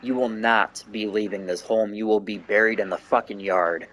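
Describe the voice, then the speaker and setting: Man quoting a fierce aunt, cold threat, plain low voice. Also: steady tone, moderate pace, fairly bright tone, close to an everyday voice, low-quality recording. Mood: threatening.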